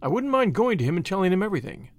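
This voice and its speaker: A man voicing a spirited, plucky young Englishwoman in an audiobook, eager and quick to object. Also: sits high, very animated, no room sound, voice pushed up. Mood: earnest.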